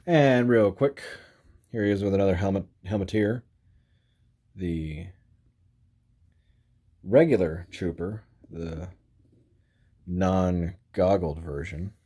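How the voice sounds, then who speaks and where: A man's voice: low-pitched, takes it slowly, pauses often, warm tone. A man casually reviewing action figures for his channel, rambling with lots of fillers and the odd chuckle. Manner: rambling, filler-heavy, frequent "you know"; chuckles while handling figures. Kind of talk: casual toy review vlog.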